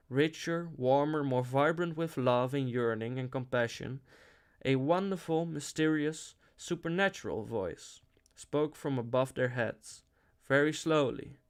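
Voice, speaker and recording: A man's voice: medium pitch, clear, resonant tone. A man reading a novel aloud with dramatic expression. He lingers on phrases and lets tension build in the prose. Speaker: audiobook reader.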